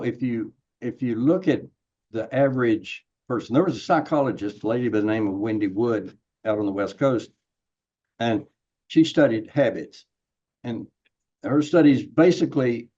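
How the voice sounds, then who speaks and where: Measured older man, mellow muffled voice. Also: medium pitch. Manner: measured, thoughtful explaining. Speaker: guest expert, management consultant.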